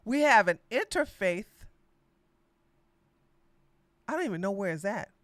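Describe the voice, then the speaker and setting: A woman's voice: mid-range voice, very animated, measured pace, no echo, clean studio sound. A woman from Georgia, hosting a casual political chat stream and rambling straight to her viewers. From Georgia, USA. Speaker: podcast host.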